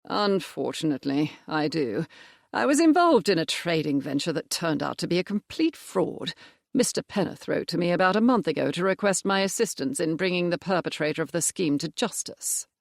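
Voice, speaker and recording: A genial older village rector speaks gently in an audiobook, voiced by the narrator. His gravelly voice sits close and dry, without any room echo. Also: a little high, expressive, moderate pace. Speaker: character in an audiobook. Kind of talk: audiobook character voice.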